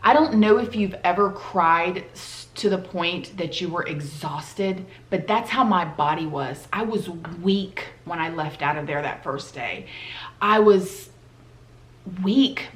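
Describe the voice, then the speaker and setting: A woman with a mid-range voice tells a personal story on her vlog. She talks in a casual, heartfelt, chatty way. The room around her rings with a noticeable echo. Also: mid-range voice. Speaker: vlogger. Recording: roomy echoey room.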